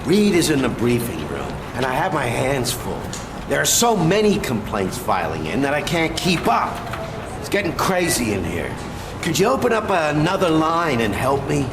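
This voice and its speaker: An actor playing an overworked male desk officer, hurried and pleading for help. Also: fairly high pitch, wildly swooping pitch, reverberant, music in the background. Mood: harried.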